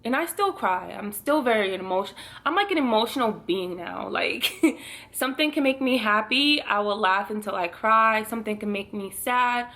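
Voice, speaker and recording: Bright-voiced young woman vlogging. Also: a little high, animated, moderate pace. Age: 20s. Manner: earnest, speaks straight to viewers, often laughing. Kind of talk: casual faith vlog to camera.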